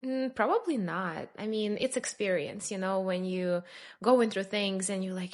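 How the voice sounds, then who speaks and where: A woman's voice: medium pitch, normal speed. A young woman from Russia, a native Russian speaker, answering interview questions in a casual, chatty way with plenty of fillers. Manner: chatty, many fillers, laughs between answers. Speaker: podcast guest.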